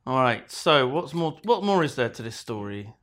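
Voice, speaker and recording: A woman's voice: a bass voice, sing-song, normal speed. A woman co-hosting a casual chat, retelling a story with lots of hedging fillers and laughing easily.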